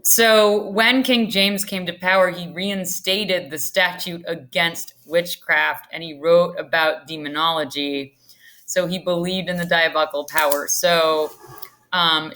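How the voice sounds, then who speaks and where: Bright-voiced chatty woman teacher. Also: fairly low pitch. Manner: chatty, with frequent ums and restarts. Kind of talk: casual online literature lesson. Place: home.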